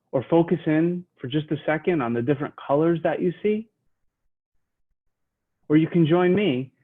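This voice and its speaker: A man teaching a leadership lesson, guiding listeners through a slow mindful breathing exercise and speaking in a soothing manner. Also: medium pitch. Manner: slow, soothing, drops to a hush while counting breaths. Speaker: leadership trainer. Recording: tinny phone-like sound.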